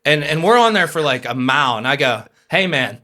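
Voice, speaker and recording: A young adult man telling a personal story as a podcast guest, lively and casual, with swearing. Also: a little high, fast talker. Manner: animated, swears, acts out quoted voices.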